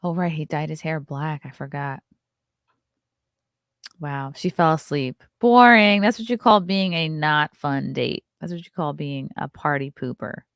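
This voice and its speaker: A woman's voice: deep voice, no room sound. Wry, chatty woman host, dry sound. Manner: chatty and wry, quick asides. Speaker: morning show host. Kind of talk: casual commentary reading celebrity news.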